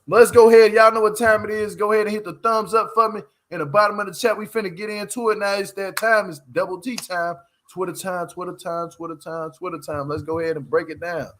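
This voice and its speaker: A man's voice: high voice, fairly even intonation, fast talker, hardly any pauses, fairly bright tone. A man hosting a loose, slangy livestream recap of a reality show, laughing often as he talks. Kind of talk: casual livestream commentary.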